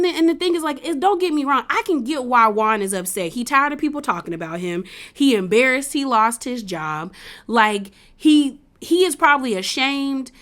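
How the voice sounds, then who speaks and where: A woman vlogger giving a casual, chatty recap of a reality TV episode, speaking in slangy, animated storytelling. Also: a little high.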